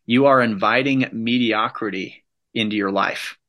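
Forceful, bright-voiced motivational speaker man. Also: mid-range voice, unhurried. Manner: emphatic, punchy repetitive phrasing. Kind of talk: motivational talk.

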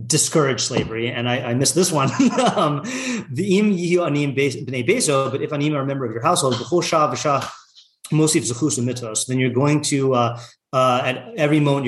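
Man teaching in an echoey room. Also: mid-range voice. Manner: conversational, frequent fillers like "like" and "you know"; reads Hebrew passages aloud and translates them. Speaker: Torah class teacher. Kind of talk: casual Torah lesson.

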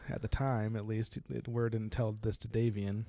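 A young man co-hosting a casual book-discussion podcast, recapping chapters in a chatty, animated way with frequent laughs. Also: fairly low pitch, moderate pace, no echo. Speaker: podcast co-host.

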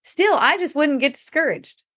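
A woman's voice: high-pitched, animated, moderate pace, a bit bright, no echo, studio quality. A middle-aged woman telling a personal story in casual talk, laughing often and acting out what people said. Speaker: podcast speaker.

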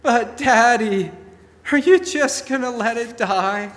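A man's voice: very high-pitched, slow pace, a bit bright, long reverb tail, pitched above the performer's own voice, heavily acted. A man voicing young children begging their father to stop the car, in a raised, insistent voice. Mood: pleading.

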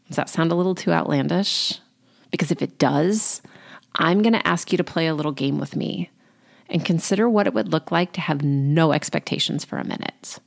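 A woman's voice: sits low, creaky. A woman life coach talking through a solo podcast episode in an encouraging, conversational way, with casual fillers.

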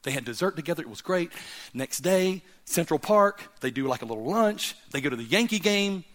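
A middle-aged man preaching a storytelling sermon as a guest preacher. He is animated, moving from loud laughing punchlines to hushed, earnest reflection. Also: a little high, a little fast.

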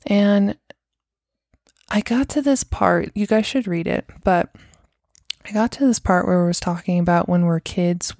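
A woman's voice: on the low side, vocal fry, mellow, no room sound, clean studio sound. A woman in her thirties hosting a solo podcast, chatting casually and rambling with lots of "like" and "um". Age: 30s. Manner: chatty, rambling, heavy use of "like" and "um". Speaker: podcast host.

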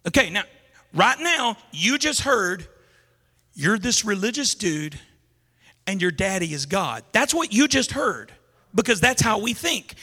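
A man preaches a sermon in a casual, animated way, wandering off on side paths and building up to shouts. His voice is very high and bright, with a sharp, tense edge. A long reverb rings around him in a large hall. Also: measured pace, husky.

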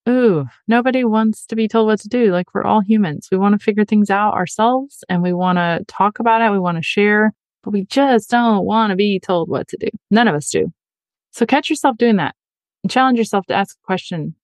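A woman's voice: mid-range voice, brisk, a little mellow, no room sound. A woman hosting an advice podcast, talking earnestly and chattily and acting out the voices she quotes. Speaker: podcast host. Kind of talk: casual advice podcast monologue.

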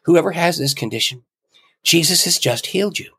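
A man quoting a bishop with a thick accent, delivering a slow, solemn pronouncement. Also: a little high, animated, pushed and bright, slightly rough, no room sound, studio quality, full character voice.

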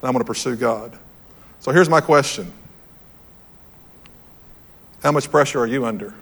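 A man's voice: medium pitch, quick pace, a bit bright, slightly rough. A man preaching to a room, telling a personal story in an earnest, storytelling way and repeating his key phrases. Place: church hall with audience.

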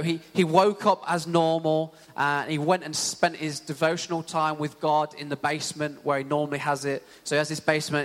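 A young man preaching a sermon in a casual, storytelling way, full of "you know" fillers. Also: fairly high pitch. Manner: conversational, animated storytelling with many fillers. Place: church hall. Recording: long church hall reverb.

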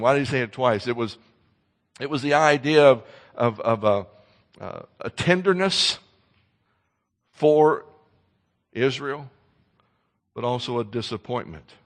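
A man preaching a sermon in an earnest way, swinging between loud emphasis and soft, intense passages, often repeating words as he starts a sentence. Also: medium pitch, big-room sound. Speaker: pastor.

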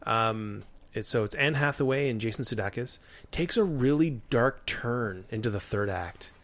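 A man co-hosting a podcast who talks in a measured, casual way, often pausing with "um" and "uh". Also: medium pitch, a bit bright. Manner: measured, with frequent "um" and "uh". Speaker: podcast co-host. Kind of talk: casual chat.

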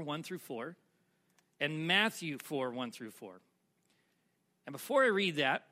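Guy preaching a sermon, kinda high voice, chatty, keeps asking the crowd stuff. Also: pushed and bright. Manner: conversational storytelling with asides to the congregation. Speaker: pastor.

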